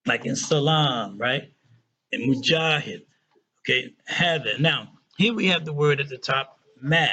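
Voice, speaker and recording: A man teaching a casual Arabic lesson who often checks in with "right?" and "okay?" and slows down to spell out words. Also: fairly high pitch, fairly bright tone, slightly rough, muffled recording.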